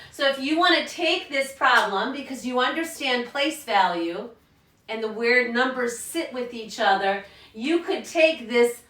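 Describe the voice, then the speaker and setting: A woman teacher records a math lesson for children learning at home. Her voice is bright and slightly high, and she coaxes the kids along in an upbeat, encouraging way. She sounds a little distant from the mic, in an echoey room.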